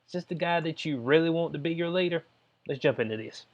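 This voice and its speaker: A man hosting his own channel, talking straight to viewers in a slangy, animated, mocking commentary style. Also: on the high side, fast, lo-fi sound, very noisy. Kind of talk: casual reaction commentary.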